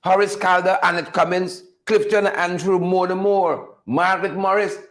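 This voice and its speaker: A man's voice: sits high, fairly even intonation, moderate pace. A man with a Guyanese accent hosting a political commentary show, talking emphatically and asking rhetorical questions. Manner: reads out viewer names. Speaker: host.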